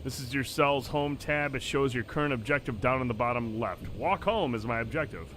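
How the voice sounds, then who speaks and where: A man's voice: mid-range voice, a little fast, fairly bright tone, slight background noise. A man chatting casually and reading game lines aloud as he streams a video game, swearing now and then. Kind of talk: casual live-stream commentary. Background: game music.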